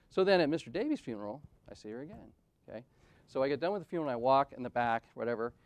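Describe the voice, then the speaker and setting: A middle-aged man speaking at a leadership conference, telling personal stories with rhetorical questions, swinging between loud emphasis and quiet, soft moments. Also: medium pitch. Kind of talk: personal storytelling talk.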